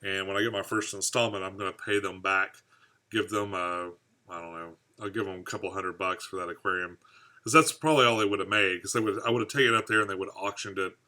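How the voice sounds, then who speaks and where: A man's voice: low-pitched, steady tone, quick pace, bright, forceful tone. A man from the United States hosting a casual live stream about his aquarium hobby. He rambles and chats while answering viewer comments. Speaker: aquarium hobby channel host.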